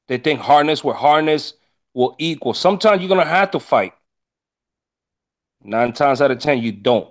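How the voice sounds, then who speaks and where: A man talking casually on a discussion panel, giving emphatic, preachy life advice and swearing freely. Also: fairly high pitch. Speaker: panel speaker, rideshare driver. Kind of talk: casual motivational talk.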